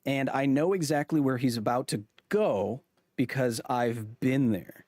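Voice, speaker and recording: A man's voice: mid-range voice, a little slow, a little mellow, no echo, clean studio sound. A man in his thirties hosting a science podcast livestream, chatting loosely and jokingly with viewers, full of fillers and restarts. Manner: jokey, teasing back at chat. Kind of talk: casual live-stream chat reading viewer comments.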